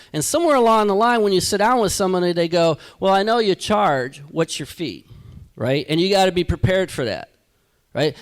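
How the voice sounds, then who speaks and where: A man giving a live keynote to an audience as a motivational speaker, energetic and rhetorical, tagging his points with "right?". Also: sits high. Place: event hall.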